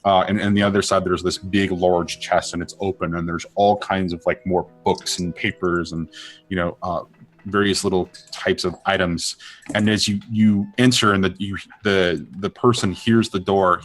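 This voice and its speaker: Deep-voiced man running a tabletop game. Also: fairly even intonation. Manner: rambling, halting, many fillers and restarts. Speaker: game master.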